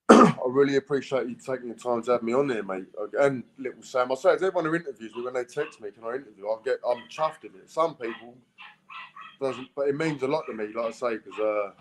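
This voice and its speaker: A man, a boxer talking plainly in a casual interview, blunt and halting, with restarts. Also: medium pitch, a little hiss or hum, rough recording. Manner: plain-spoken, few words, halting restarts.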